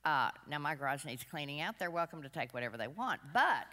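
Low-voiced woman, chatty and rambling. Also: a little fast, hardly any pauses. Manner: rambling, chatty, self-deprecating, animated anecdotes. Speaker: women's class speaker. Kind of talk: storytelling talk to a group. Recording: long hall reverb.

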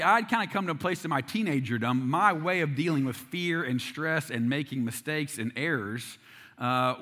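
A man's voice: on the high side, pushed and bright. A man in his forties preaching a sermon, telling a personal story in a conversational, self-deprecating way and asking the congregation rhetorical questions. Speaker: pastor.

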